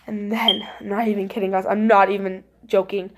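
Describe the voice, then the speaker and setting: A young woman casually recounting a spooky childhood story, acting out voices and gestures and dropping to a hush at tense moments. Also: medium pitch, brisk, background noise. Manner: animated, acts out voices and gestures; drops to hushed tones at tense moments.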